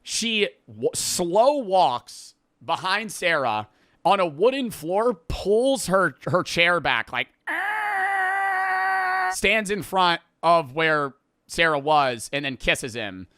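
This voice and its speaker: A man casually retelling a movie plot in a rambling, profane, animated way with quick asides. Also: on the high side, dry recording, clean studio sound. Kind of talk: casual storytelling.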